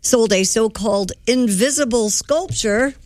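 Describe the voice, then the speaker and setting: A woman's voice: fairly high pitch, a little slow, no room sound. Woman reading quirky news on radio. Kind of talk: reading odd news stories.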